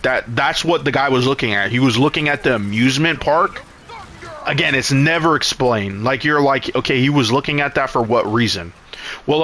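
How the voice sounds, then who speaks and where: A man's voice: medium pitch, sharp tone. Profane, rambling male streamer. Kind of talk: casual recap while gaming.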